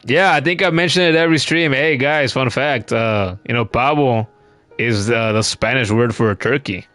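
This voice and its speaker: Man, game streamer, casual chatty talk, mid pitch, faint music behind. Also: normal speed, a bit bright. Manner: chatty, swears casually, reads chat comments aloud. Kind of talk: casual live-stream gameplay commentary.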